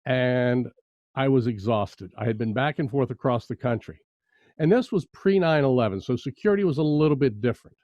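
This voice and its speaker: A man's voice: medium pitch, lively intonation, a little fast, a little mellow, no echo. A man chatting in a casual interview, an enthusiastic, emphatic storyteller. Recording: dry, slightly dull sound.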